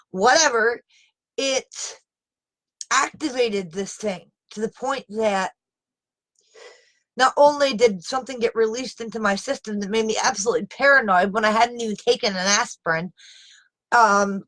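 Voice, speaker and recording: A woman's voice: fairly high pitch, fairly bright tone, low-quality recording. A woman talking unscripted on a live video into a phone camera, upset and exasperated, pleading and emphatic as she presses her point. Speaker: live streamer.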